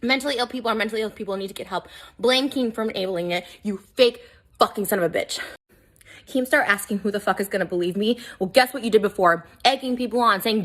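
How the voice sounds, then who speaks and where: A woman's voice: on the high side, lively intonation, fast, a bit bright. A woman in a furious, profane rant, accusing someone directly. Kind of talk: angry ranting video.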